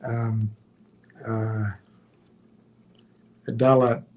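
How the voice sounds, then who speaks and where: A man hosting a livestream in a casual chat, reading out viewer comments with many fillers and trailing pauses. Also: on the low side, flat delivery, a little mellow, a little hiss or hum. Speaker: livestream host.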